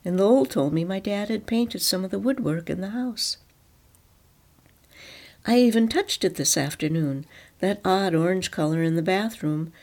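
A woman reads a first-person story aloud, calm and reflective. Her voice sits low, with a gravelly fry running through it.

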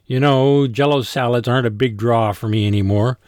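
A man voicing a raspy, laid-back male polka band front man in an audiobook. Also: medium pitch, fairly quick, darkish tone, no room sound, studio quality, natural voice. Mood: wry. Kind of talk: audiobook character voice.

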